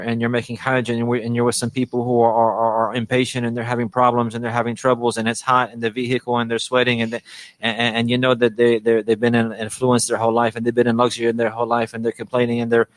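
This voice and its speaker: A man's voice: mid-range voice, completely flat delivery, fast, dry recording. Man teaching a dry, close religious lesson. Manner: repeats phrases for emphasis, many restarts. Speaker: Islamic teacher.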